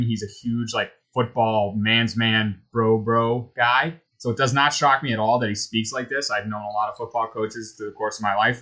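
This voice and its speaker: A man's voice: mid-range voice, bright, forceful tone. A man hosting a casual sports talk show, blunt and opinionated, with lots of fillers. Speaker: host.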